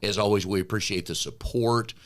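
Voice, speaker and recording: A middle-aged man co-hosts a business coaching podcast, chatting and joking in relaxed banter. His voice is lowish and his pace brisk.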